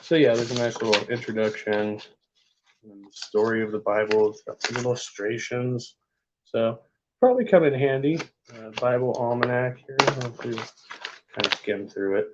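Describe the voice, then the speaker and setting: A man casually reading book passages aloud in a vlog, with offhand asides and halting attempts at French. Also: medium pitch, muffled recording, background noise. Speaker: vlogger.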